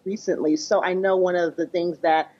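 A woman's voice: on the low side, steady tone, normal speed. A woman psychotherapist and parenting coach speaking as a guest in a conversational interview, explaining ideas through everyday examples. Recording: dull lo-fi audio.

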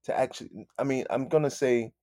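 A man telling stories as a guest in a casual interview, animated, repeating his phrases and calling people "man". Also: mid-range voice, brisk, no room sound, studio quality. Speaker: guest musician.

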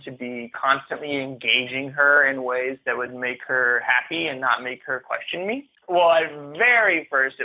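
Man, podcast guest, halting and repetitive speech, mid-pitched voice, narrow tinny phone sound. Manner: halting, repeats and restarts phrases. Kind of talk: personal story in interview.

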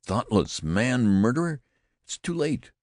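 A man's voice: medium pitch, big pitch swings, a little slow, dry recording, clean studio sound, voice pushed up. A man voicing a melodramatic camp companion who mourns a supposedly poisoned friend in a hollow, solemn, theatrical voice, in an audiobook. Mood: tragic. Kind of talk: audiobook character voice.

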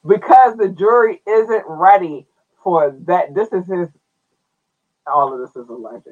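Playful guy podcasting solo, slangy, kinda high voice, dull lo-fi sound. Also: a bit bright. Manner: loose and playful, reads out listener towns, slangy asides. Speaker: podcast host. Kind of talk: casual solo podcast chat.

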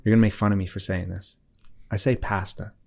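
A man's voice: fairly low pitch, flat delivery, fast, creaky, a little mellow, faint music behind. A man from Canada, an author and poet, co-hosting a podcast in easygoing casual chat. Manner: easygoing, laughs along.

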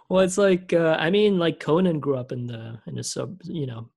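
A man's voice: a little high, unhurried, creaky, a little mellow, husky. A man co-hosting a podcast in casual chat, rambling with lots of fillers, restarts and laughter. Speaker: podcast co-host.

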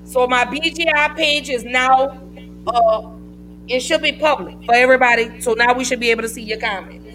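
A woman hosting a casual live podcast, talking in an effusive, affectionate way with drawn-out phrasing. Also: fairly high pitch, a bit bright, faint music behind, low-quality recording. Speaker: podcast host.

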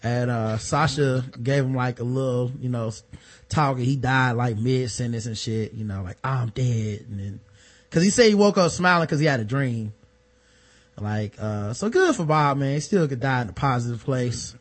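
Animated, laughing man telling stories. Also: medium pitch, moderate pace. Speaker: podcast panelist. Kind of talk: casual comedic chat.

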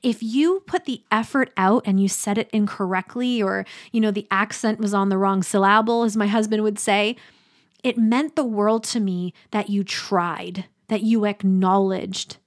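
A middle-aged woman giving a motivational talk, earnest and emphatic, slowing down for dramatic pauses. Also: medium pitch, steady tone. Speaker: speaker.

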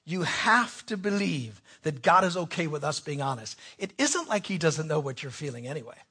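A man preaching a sermon, reading scripture dramatically, swinging from hushed asides to shouted pleas. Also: fairly high pitch, big pitch swings, normal speed, slightly rough.

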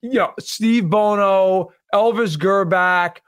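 Animated man telling a sports story. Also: high voice, slow, clear, resonant tone, dry recording, studio quality. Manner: storytelling, emphatic, swears. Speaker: radio host. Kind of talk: casual sports chat.

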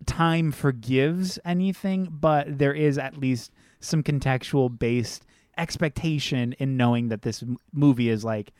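A man co-hosting a casual discussion, measured and emphatic, with casual fillers. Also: mid-range voice, a little mellow. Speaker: podcast co-host.

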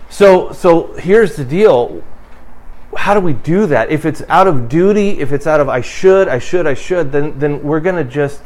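A pastor preaches a sermon in a conversational, animated, unhurried way. He builds to emphatic bursts, then drops low and quiet.

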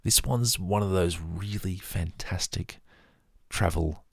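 Deep gravelly man, chatty. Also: takes it slowly, no echo, studio quality. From Australia. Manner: chatty, rambling, self-deprecating asides. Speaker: vlogger. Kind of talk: casual show-and-tell monologue.

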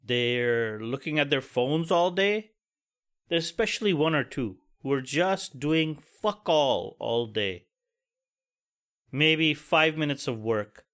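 A man hosts his own podcast and rants at length in a somewhat high voice. He swears freely and sounds bitter and fed up. His talk comes in heated, blunt bursts. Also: lively intonation, slow, fairly bright tone. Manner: angry, profane, pessimistic venting. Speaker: podcast host. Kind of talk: casual solo podcast rant.

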